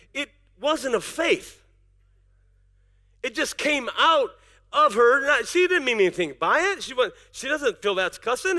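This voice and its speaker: Male pastor, high bright voice; casual, conversational sermon with acted-out exchanges. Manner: conversational preaching with acted-out dialogue and laughter; repeats words in quick restarts.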